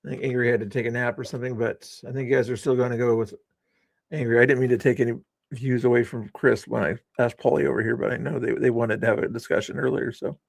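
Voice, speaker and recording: A man's voice: mid-range voice, level tone, fast talker, gravelly, dry recording. Man hosting a livestream, sarcastic and rambling, dry close sound, middling voice. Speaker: livestream host. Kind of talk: casual livestream chat.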